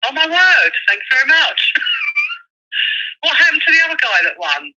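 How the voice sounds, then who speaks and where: A woman's voice: sits high, very animated, normal speed, bright, forceful tone. A woman on a phone call, chatty and jokey, laughing easily. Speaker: prize winner on phone call. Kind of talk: casual phone chat. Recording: lo-fi phone line.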